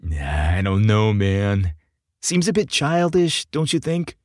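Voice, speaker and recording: A man's voice: lowish voice, very animated, takes it slowly, darkish tone, dry recording, studio quality. A man voicing a shy good-natured guy. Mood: reluctant.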